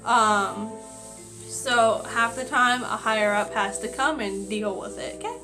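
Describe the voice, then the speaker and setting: A woman's voice: on the high side, measured pace, music in the background. A woman in her twenties, a retail worker, telling a storytime vlog in a chatty, exasperated way with lots of "like.". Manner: chatty, exasperated, many "like" fillers.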